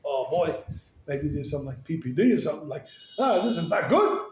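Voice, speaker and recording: A preacher giving voice to a frantic young father who keeps pleading, his voice pushing up high with worry. It echoes around a hard room. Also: big pitch swings, brisk. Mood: worried. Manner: panicky, pleading, voice jumping higher.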